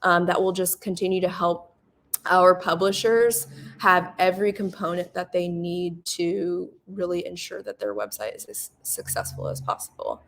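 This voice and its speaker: A young adult woman walks an audience through advice in a relaxed webinar. Her voice sits a little low for a woman. She talks casually, leaning on "um" as she gathers her thoughts. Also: moderate pace, a little hiss or hum. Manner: casual, filler-heavy explaining with frequent "um". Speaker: ad network support manager. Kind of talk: webinar presentation.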